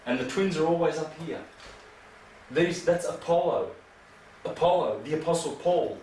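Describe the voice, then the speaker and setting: A man's voice: fairly high pitch, expressive, normal speed, a little mellow. A man giving a rambling, emphatic lecture full of rhetorical questions. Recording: echoey room from far off, faint noise.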